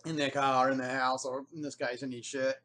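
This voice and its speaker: A man's voice: medium pitch, fairly quick. An Australian man casually telling a rambling story, his voice jumping up when he quotes people. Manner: rambling, animated when quoting others. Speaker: vlogger.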